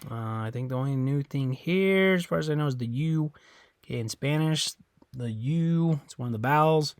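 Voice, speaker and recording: Man, Spanish teacher explaining pronunciation; patient, repeats and checks in, medium pitch, dry recording. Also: no room sound. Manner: patient, repeats "okay?" often, models words slowly. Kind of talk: classroom lesson explanation.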